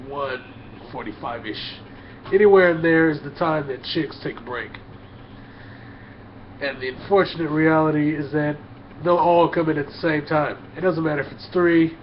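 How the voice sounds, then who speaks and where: A man in a crude, swearing comedic rant, blunt and repetitive as he stumbles through his points. His voice sits slightly higher than most men's, and the recording is dull and lo-fi with a faint hiss beneath it. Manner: crude, blunt, repeats himself. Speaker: vlogger.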